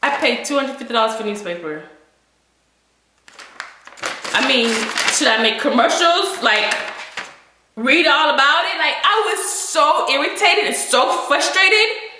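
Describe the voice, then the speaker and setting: Animated woman telling a story in an echoey room. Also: moderate pace, noisy background. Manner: expressive, laughs through lines, acts out her own panic in a high voice. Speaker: vlogger telling a personal story.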